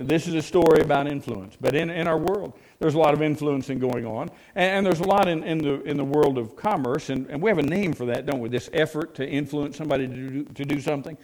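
A man's voice: medium pitch, darkish tone, low-quality recording. A man preaching a sermon as a pastor, folksy and plain-spoken, often asking his listeners rhetorical questions.

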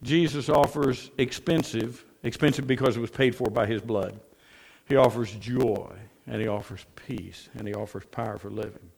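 A man's voice: mid-range voice, steady tone, normal speed, gravelly, a little mellow, husky. A man preaching a sermon, telling stories earnestly, with his emphasis rising and then dropping.

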